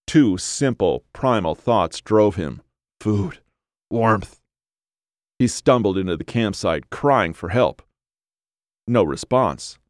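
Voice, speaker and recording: A man reading a scripted horror story aloud in a measured, grim, dramatic way. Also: fairly low pitch, no echo, studio quality. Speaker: narrator.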